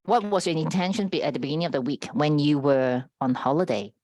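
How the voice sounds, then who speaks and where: A woman with an unusually low voice coaches a client in a session, measured and affirming. She sums up what she hears, and the recording is dry and close with no room sound. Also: darkish tone, no echo. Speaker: life coach.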